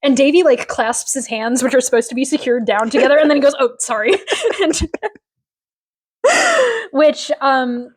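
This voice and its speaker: A woman with a high voice chats casually as a podcast co-host. She recaps an episode, laughs often, and slips into put-on voices when she quotes characters. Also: very animated, moderate pace, long pauses.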